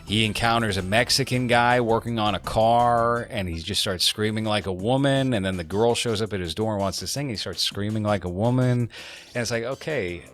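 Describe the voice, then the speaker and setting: A man in his thirties chatting casually on a podcast, giving a measured, critical take in long run-on thoughts. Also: on the low side, a bit bright, faint music behind. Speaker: podcast co-host reviewing a movie. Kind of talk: casual chat.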